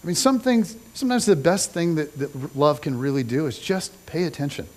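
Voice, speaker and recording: A middle-aged man preaching a sermon in a casual, conversational storytelling style, acting out the people in his story with lively slang. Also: a little high, brisk. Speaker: pastor. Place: church stage.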